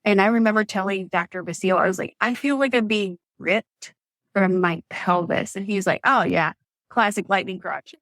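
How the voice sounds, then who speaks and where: A woman in her thirties telling her birth story as a podcast guest, lively and quick to act out what people said. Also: mid-range voice, dry recording. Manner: animated storytelling, acts out quotes.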